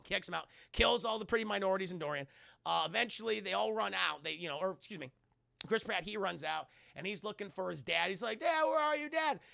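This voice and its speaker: A man in his thirties giving a crude, animated film recap as a streamer who talks to his chat. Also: high-pitched, quick pace, gravelly, no room sound, clean studio sound.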